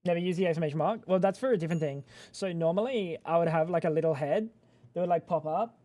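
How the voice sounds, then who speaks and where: Mellow, higher-voiced swearing streamer man. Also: fast talker. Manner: swearing, teasing banter; rambling, trails off mid-thought. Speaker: livestreamer. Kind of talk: casual livestream chat.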